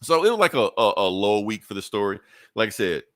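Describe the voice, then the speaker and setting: Casual podcast co-host, male, lowish voice, dry close mic, profane and loose, recaps comic plots. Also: big pitch swings, fairly quick, no room sound. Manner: loose and profane, acts out characters' lines with laughs.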